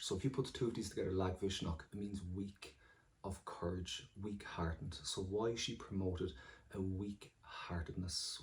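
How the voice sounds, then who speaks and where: A man with an Irish accent, teaching exam vocabulary and explaining each word in turn in an encouraging way. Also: deep voice. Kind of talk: exam-prep lesson.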